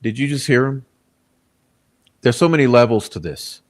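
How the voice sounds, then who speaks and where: A man's voice: medium pitch, unhurried, long pauses. Emotional, swearing male reaction host. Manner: emotional, profane, animated. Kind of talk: reaction commentary.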